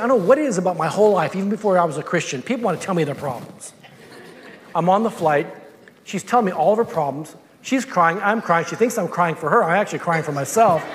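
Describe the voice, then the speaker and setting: A man's voice: on the high side, long reverb tail. A man preaching a sermon, telling a personal story with many repeated words and restarts.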